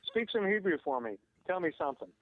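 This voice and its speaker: A man's voice: high voice, big pitch swings, fast talker. A man calling in to a comedy show, goading the other caller and laughing often. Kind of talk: trolling call-in banter. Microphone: phone. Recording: noisy phone line.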